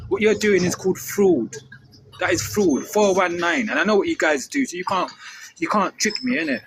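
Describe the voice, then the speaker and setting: A man from Cuba calling into a live stream, lecturing forcefully and repeating phrases. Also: on the high side. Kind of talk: heated live-stream talk. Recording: noisy line.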